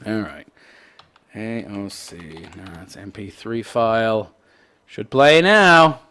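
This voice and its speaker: A man's voice: on the low side, big pitch swings, takes it slowly, pushed and bright, smooth. A man hosting a live online show, ranting in casual, sarcastic and profane commentary.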